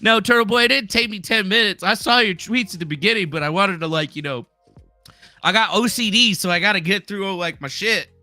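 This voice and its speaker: A man hosting a livestream, ranting in a heated, profane way and swinging into shouting. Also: high voice, brisk, no echo, faint music behind. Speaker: livestream host. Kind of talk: angry livestream rant.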